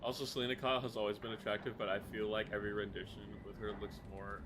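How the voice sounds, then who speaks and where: A man's voice: on the low side, flat delivery, quick pace, background noise. A man streaming live, chatting casually while playing, rambling and swearing often.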